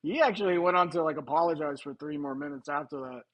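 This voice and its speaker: Casual male live stream host, bright voice. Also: a little high, quick pace, muffled recording. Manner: casual, laughing, swearing, thinking aloud.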